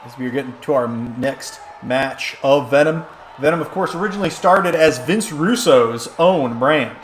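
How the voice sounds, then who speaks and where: Rambling, jokey, and excitable, a man narrates a wrestling video game play-by-play on a live stream. His voice is mid-range, his speed normal, and there's a little background noise.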